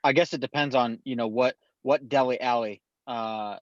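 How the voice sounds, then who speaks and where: A man's voice: medium pitch, fairly even intonation, moderate pace, dry recording, highs cut off. A man co-hosting a sports podcast, easygoing and leaning on "you know" as he talks. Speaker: podcast co-host. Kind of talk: casual sports chat.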